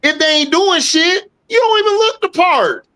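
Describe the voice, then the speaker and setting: A man co-hosting a casual sports talk show, ranting in an animated, profane way. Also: very high voice, moderate pace. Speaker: sports podcast co-host.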